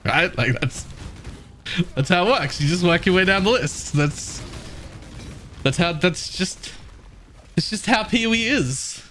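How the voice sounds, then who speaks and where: A man's voice: high voice, expressive, a little slow, pauses often, bright, forceful tone, slight background noise. A man streaming a game live, chatting casually with his viewers, laughing often and restarting his phrases.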